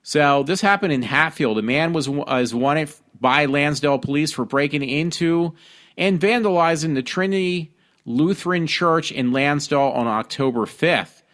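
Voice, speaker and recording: A man's voice: on the high side, moderate pace, a bit bright. Rambling man reading news aloud. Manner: reads articles aloud with frequent ums and restarts. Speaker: podcast host. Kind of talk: casual news-reading talk show.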